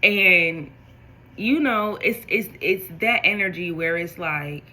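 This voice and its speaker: A woman giving a spiritual tarot reading, talking straight to her viewers in an animated way. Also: lowish voice, unhurried, poor audio. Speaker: tarot reader.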